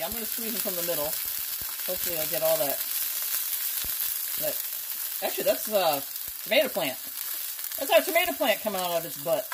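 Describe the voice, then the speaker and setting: Brief: low-pitched woman vlogger, chatty and exclamatory, faint noise in the background. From United States. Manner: chatty, excitable, lots of exclamations. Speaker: home and garden vlog host. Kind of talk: casual vlog chat while cooking. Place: home kitchen.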